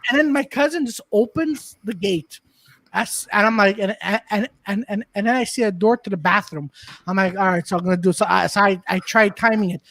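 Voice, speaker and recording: A man's voice: high voice, fairly quick, no echo. A man co-hosting a casual comedy podcast, telling a story and acting out the people in it. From Montreal. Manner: animated storyteller, acts out quotes. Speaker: podcast co-host.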